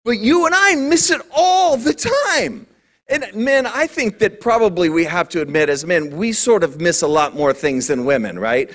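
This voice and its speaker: A male pastor in his forties preaching a sermon in an animated, jokey storytelling manner. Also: sits high, normal speed.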